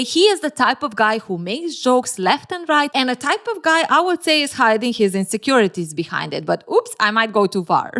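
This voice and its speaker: Sarcastic woman giving casual video commentary. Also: mid-range voice. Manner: sarcastic, teasing, laughs often; animated, playful asides. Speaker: relationship commentary YouTuber.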